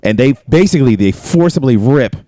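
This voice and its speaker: A man casually telling stories from his army career, cursing freely and getting animated. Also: mid-range voice, fairly quick, no room sound. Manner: profane, animated storytelling. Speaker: podcast host. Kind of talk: casual storytelling chat.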